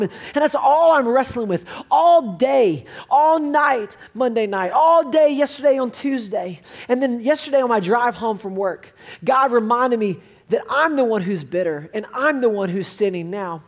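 A man's voice: very high-pitched, animated, moderate pace. Man preaching a conversational sermon. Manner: conversational, storytelling preaching with rising intensity. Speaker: pastor.

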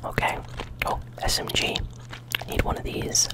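A channel host whispering gameplay commentary while chewing gum, relaxed and chatty, with flashes of excitement. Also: unhurried.

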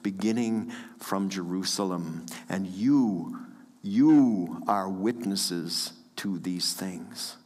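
Unhurried pastor preaching in a reverberant church. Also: male voice, low-pitched, darkish tone. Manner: earnest, with light chuckles and repeated phrases. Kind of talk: sermon. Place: church sanctuary.

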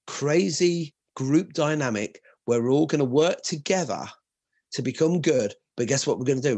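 A husky-voiced man in a casual show chat about martial arts, jumping into different voices as he retells his classes. The sound is dry and close, with no room around it. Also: medium pitch, no echo. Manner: lively storyteller who acts out quoted voices. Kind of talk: animated podcast chat with acted-out anecdotes.

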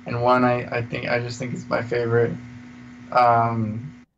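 A man's voice: mid-range voice, monotone, measured pace, gravelly. A man co-hosting a podcast, telling dad jokes and school stories in a dry, slightly hesitant way. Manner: dry joke teller, slightly hesitant, with fillers. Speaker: podcast co-host. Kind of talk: casual chat, telling jokes. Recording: slightly dull podcast audio with faint noise.

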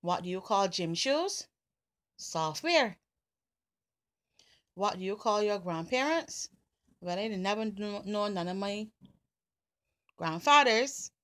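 A woman with a Barbadian accent, talking casually and deliberately through an accent challenge. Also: mid-range voice, lively intonation, fairly bright tone. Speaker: vlogger.

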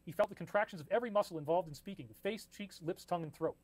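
A man's voice: sits high, rapid-fire. A man reading his old writing aloud to an audience and commenting on it in an earnest, storytelling way.

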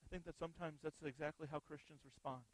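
A man's voice: fairly high pitch, steady tone, fast, no echo, rough recording. A male pastor preaching an earnest sermon, often putting rhetorical questions to the congregation.

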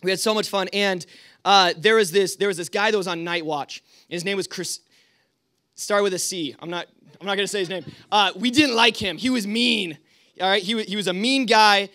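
Young male youth leader, rambling storyteller, high bright voice. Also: moderate pace. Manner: casual, rambling, full of fillers. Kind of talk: storytelling talk to a youth group.

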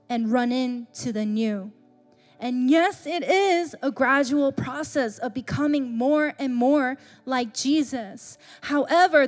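High-voiced woman preaching, chatty. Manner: chatty, animated storytelling with many fillers. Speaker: pastor. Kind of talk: sermon.

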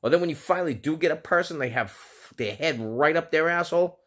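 A man's voice: a little high, quick pace, fairly bright tone. A man with a Boston accent telling a storytime rant on video, exasperated, sarcastic and swearing constantly. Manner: exasperated, heavily profane, sarcastic. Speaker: vlogger. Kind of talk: ranting storytime monologue.

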